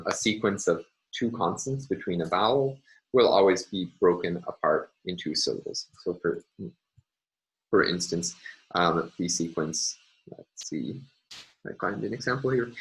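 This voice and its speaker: A man's voice: deep voice, a bit bright, slight background noise, rough recording. A man lecturing step by step in a recorded university class, methodical and hesitant, with frequent ums and uhs.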